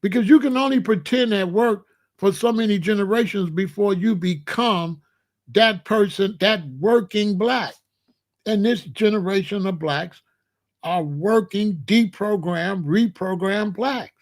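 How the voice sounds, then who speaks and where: A man in his sixties hosting his own show, talking in a casual, emphatic monologue and drawing out his phrases. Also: sits high. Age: 60s. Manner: emphatic, repetitive, drawn-out phrasing. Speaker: show host.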